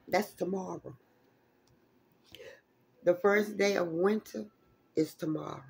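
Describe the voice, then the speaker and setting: Slow-talking animated woman reading tarot. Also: on the low side, creaky, breathy edge. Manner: animated, exclamatory, salty and profane. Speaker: tarot reader.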